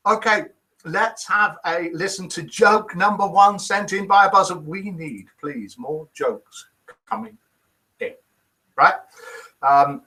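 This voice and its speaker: Over poor audio, a British man in his fifties speaks in a slightly high voice with a sharp tone. Hosting a live daily show, he's chatty and self-mocking, reading viewers' comments and jokes aloud and adopting voices for the quotes.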